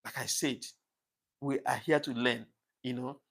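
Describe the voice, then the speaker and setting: Male livestream host, gravelly voice, thankful and apologetic, emotional, casual chat. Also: mid-range voice, steady tone, a little slow, a bit bright. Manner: emotional, says things get to him easily. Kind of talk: casual live-stream chat reading comments.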